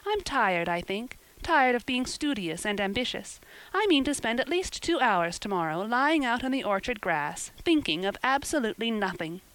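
A woman's voice: fairly high pitch, sing-song, moderate pace, a bit bright, poor audio. Woman reading as a gushing, dramatic teenage girl. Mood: joyful, dreamy. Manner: gushing, breathless, pleading.

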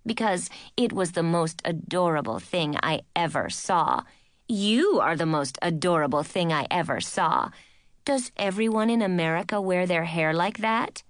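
A woman's voice: fairly low pitch, expressive, moderate pace, no room sound, studio quality, close to an everyday voice. A woman voicing a haughty, rich schoolgirl cousin with an Italian accent, smug and teasing.

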